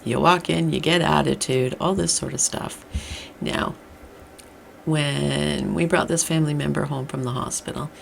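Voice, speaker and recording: A middle-aged woman delivers a blunt, exasperated rant with a gravelly, creaky edge to her voice. She speaks at an ordinary mid pitch for a woman. A faint hiss of noise sits under her voice. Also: steady tone, moderate pace. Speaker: vlogger. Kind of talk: ranting monologue.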